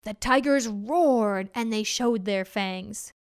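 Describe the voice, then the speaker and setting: A woman reading a children's story aloud in a gentle, measured way. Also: medium pitch, no echo, studio quality.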